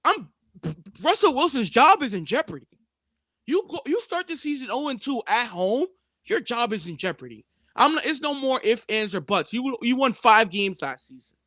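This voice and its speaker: A man co-hosts a casual sports betting podcast, arguing his case emphatically and repetitively while calling his listeners "people." His voice is very high-pitched and bright, with a forceful tone, big pitch swings, and a moderate pace. The studio sound is clean, with no room sound.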